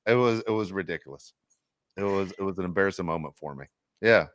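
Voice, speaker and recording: A middle-aged man co-hosting a podcast, telling stories in a casual, animated way and laughing often. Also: deep voice, fast, dry recording. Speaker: podcast co-host. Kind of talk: casual chat.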